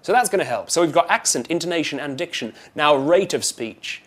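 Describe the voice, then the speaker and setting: A British actor and voice coach explaining technique. He talks loudly and fast, with crisp consonants, a twangy tone and a lively rise and fall. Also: on the high side. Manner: lively up-and-down intonation; fast talker. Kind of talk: instructional talk to camera.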